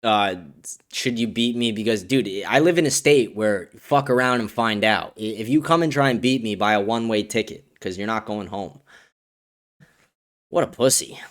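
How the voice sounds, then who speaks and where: A man's voice: lowish voice, moderate pace, fairly bright tone. Blunt, profane man hosting a stream. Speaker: host. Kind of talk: casual live-stream commentary.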